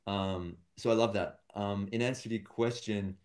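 A man's voice: fairly low pitch, fairly even intonation, normal speed, a little mellow. A man, a stand-up comedian and guest, talking casually and thoughtfully in an interview, with many fillers and restarts.

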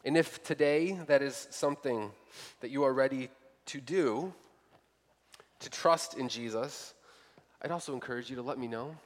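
A man's voice: mid-range voice, normal speed, pauses often. A man preaching a sermon as pastor, earnestly asking his listeners questions. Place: church sanctuary. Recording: long hall reverb.

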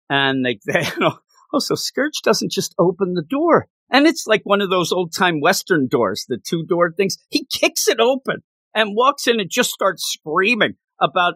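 A man excitedly recapping a comic book issue in casual chat, laughing and acting out lines as he goes. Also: a little high, dry recording. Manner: animated, laughs while retelling, acts out quotes. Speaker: comic book podcast co-host.

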